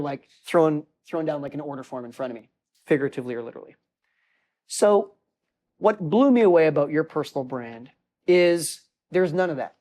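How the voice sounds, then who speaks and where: A man hosts the interview in a chatty, slightly wry way. His voice sits a little high for a man. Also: a little mellow. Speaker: host. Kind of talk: interview questions.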